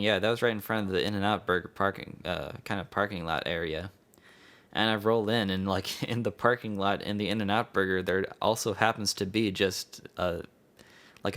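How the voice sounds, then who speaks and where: A man's voice: fairly low pitch, fairly bright tone. A man hosting his own podcast, telling a story in a loose, meandering, profane way with chuckles. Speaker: podcast host. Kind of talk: rambling casual storytelling.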